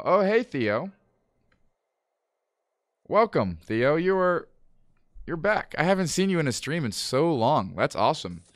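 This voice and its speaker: A man chatting casually with viewers while live-streaming a game, calmly planning moves, then breaking into exasperated outbursts. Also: medium pitch, clear, resonant tone, no room sound, studio quality. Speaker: livestreamer playing a management game. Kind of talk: casual live gameplay commentary.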